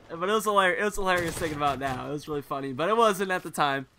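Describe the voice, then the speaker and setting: A man's voice: a little high, very fast, sharp tone, a little hiss or hum. A young man telling rambling, joking stories as a gaming commentary vlogger, casual and crude.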